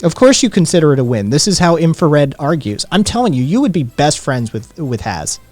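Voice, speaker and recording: A man's voice: a little high, sing-song, a little fast, darkish tone, no room sound, soft background music. A man chatting on a live stream, bantering sarcastically and swearing freely. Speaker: streamer co-host. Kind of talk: casual live-stream chat.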